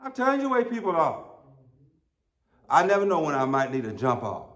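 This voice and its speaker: A man's voice: fairly high pitch, wildly swooping pitch, a little fast, a bit bright. A middle-aged American man preaching a sermon as pastor, telling folksy, humorous stories with emphatic peaks. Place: church sanctuary. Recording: roomy church sound.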